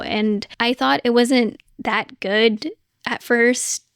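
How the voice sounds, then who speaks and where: A woman's voice: fairly high pitch, clean tone, dry recording, clean studio sound. A young woman hosting her own podcast, talking earnestly and rambling through a personal catch-up. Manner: earnest, rambling, often says "oh my gosh". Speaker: podcast host. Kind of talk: solo casual chat.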